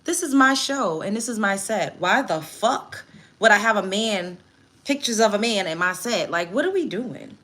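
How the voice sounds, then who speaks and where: Bright-voiced woman ranting live. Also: mid-range voice, animated, moderate pace. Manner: blunt and profane, indignant, talks back to commenters. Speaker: livestream host. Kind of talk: heated livestream rant reading chat comments. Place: home set while doing makeup.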